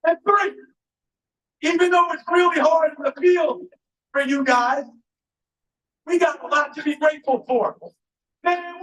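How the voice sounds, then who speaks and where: Man, high voice, fired-up live keynote, mic at a distance. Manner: emphatic, often shouting to the crowd. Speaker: motivational speaker. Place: large live event venue.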